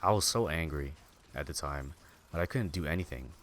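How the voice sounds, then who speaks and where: A man's voice: rumbling low, brisk, fairly bright tone. A man streaming a game, venting in rambling casual chat full of filler words and swearing. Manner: venting, bitter. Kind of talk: casual chat while gaming.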